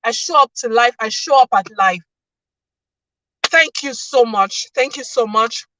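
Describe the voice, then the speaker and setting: A woman's voice: on the high side, unhurried, pushed and bright, a little hiss or hum. A woman giving a faith-based motivational talk, emphatic and repeating her lines for effect. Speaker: motivational speaker. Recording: distant mic, dry sound.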